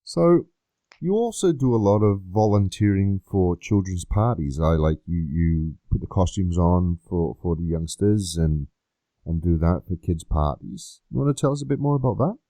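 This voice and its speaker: A deep-voiced man hosting a podcast interview, asking questions in an easygoing way. His voice is dark and mellow but very lively in its melody, and the recording sounds dry. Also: moderate pace, no room sound. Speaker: podcast host.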